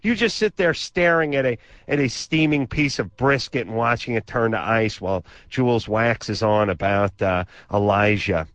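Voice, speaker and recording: A man's voice: on the low side, normal speed, few pauses, a bit bright, no echo. Sarcastic rambling man on radio. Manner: rambling, sarcastic, exaggerated rants with crude asides. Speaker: radio show co-host. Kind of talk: comedic storytelling on call-in radio. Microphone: studio microphone.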